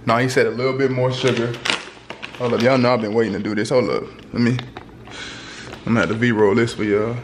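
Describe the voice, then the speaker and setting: A man's voice: medium pitch, fairly even intonation, a little fast, long pauses, noisy background. Chatty young man cooking at home. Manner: chatty, talks straight to viewers. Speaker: cooking vlogger. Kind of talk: casual chat to camera. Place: home kitchen.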